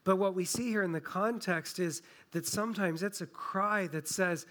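A man preaching a sermon, earnest, often dropping soft and low on key phrases. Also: moderate pace, hardly any pauses. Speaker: pastor.

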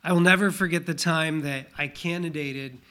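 A middle-aged man preaches a Sunday sermon as pastor, reading verses aloud with strong emphasis. His voice sits fairly high and sounds bright and forward. He leans into key phrases and then drops back to an explaining tone. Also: fairly even intonation, moderate pace, clean tone. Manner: reads scripture aloud, emphatic.

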